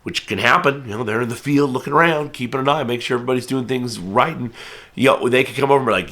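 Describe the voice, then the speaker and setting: Speaking quickly in a medium-pitched, slightly bright voice, this US falconer chats earnestly about hunting rules for the camera. Every so often he performs the voices of people he quotes.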